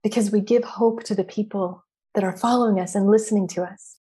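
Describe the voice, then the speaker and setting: A woman's voice: medium pitch, steady tone, fairly quick, dark tone. A woman coach and podcast host giving an emphatic, preachy motivational talk with casual swearing.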